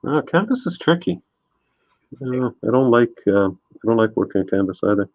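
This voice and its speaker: A man's voice: mid-range voice, expressive, normal speed, no room sound. A man hosting a live painting stream, chatting casually with a guest while he paints, rambling with lots of fillers. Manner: rambling, laid-back, frequent fillers. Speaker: streaming artist host. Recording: tinny phone-like sound, dry.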